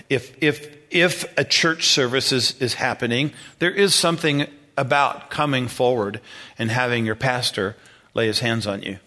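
A man's voice: medium pitch, pushed and bright. A man who is a senior pastor preaching a sermon in a conversational way, often repeating himself and checking in with the congregation.

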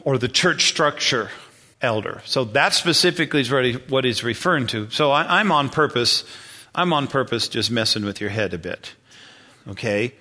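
A man's voice: mid-range voice, lively intonation, moderate pace, bright, forceful tone. A man who is a senior pastor preaching a sermon in a conversational way, often repeating himself and checking in with the congregation.

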